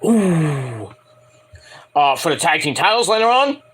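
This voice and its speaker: A man's voice: on the high side, big pitch swings, quick pace, bright, forceful tone. A man reviewing a wrestling show at home in a casual, rambling rant, profane and mocking, often acting out quotes.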